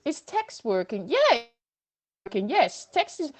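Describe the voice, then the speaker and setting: A woman's voice: high-pitched, big pitch swings, a little slow. A woman hosting a casual livestream from home on her computer, reading viewer comments aloud and laughing often. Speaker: livestream host. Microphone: computer microphone.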